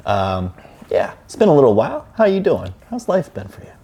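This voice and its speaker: A man's voice: mid-range voice, wildly swooping pitch, a little fast, noisy background. A young man co-hosting a casual podcast from his living room, blunt and self-mocking, swearing freely. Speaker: podcast co-host.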